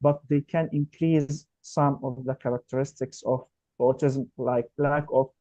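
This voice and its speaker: A man's voice: medium pitch, fairly even intonation, a little slow, mellow, no echo, low-quality recording. A man explaining earnestly on a webinar panel, often repeating words as he searches for them. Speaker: panelist, autism specialist.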